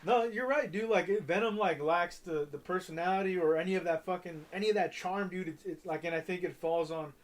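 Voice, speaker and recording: A young man from Southern California talks through a casual podcast, circling back on his words and swearing through his points. His voice sits notably high for a man. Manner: rambling, profane, halting restarts. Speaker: podcast co-host. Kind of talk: casual chat.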